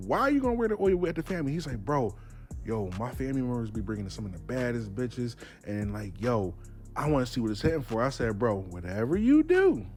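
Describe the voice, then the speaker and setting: Animated man telling a story. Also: medium pitch, brisk, soft background music. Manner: animated, acts out both sides of a dialogue. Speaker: storyteller host. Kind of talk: casual storytelling.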